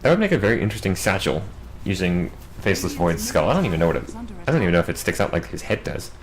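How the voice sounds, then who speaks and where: A man doing solo play-by-play game commentary, racing through big fights and dropping wry asides in quiet moments. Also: low voice, a little hiss or hum, low-quality recording. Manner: quick, excitable calls in big plays, wry asides in lulls. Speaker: match commentator.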